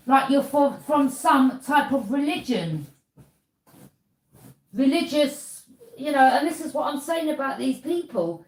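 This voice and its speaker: A woman's voice: high-pitched, animated, a little slow, echoey room. A woman tarot reader, delivering an accusing monologue to camera and throwing out "yeah?" as a challenge.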